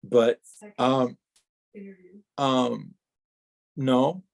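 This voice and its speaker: This middle-aged Wisconsin man, once a racer, rambles through racing tales as a podcast guest, performing the quoted back-and-forths in lively fashion. He speaks in a creaky mid-range voice and draws his words out.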